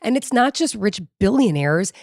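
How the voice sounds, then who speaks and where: A woman co-hosting a podcast, telling a story in a dramatic, profane, animated way. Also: medium pitch, normal speed, no echo, studio quality. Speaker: podcast co-host. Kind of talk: casual storytelling chat.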